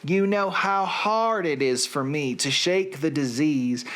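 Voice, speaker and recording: A man putting on a Southern drawl. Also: on the high side. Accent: Southern US, put on. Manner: slow exaggerated drawl, deadpan recital. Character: adult man reading lyrics in a thick drawl. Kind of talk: comic dramatic reading.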